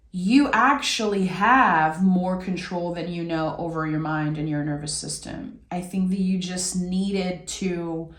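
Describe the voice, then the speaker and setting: Slow, reflective woman tarot reader. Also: fairly low pitch. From Québec. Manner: reflective, meandering, gently encouraging. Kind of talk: intuitive tarot reading. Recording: echoey room.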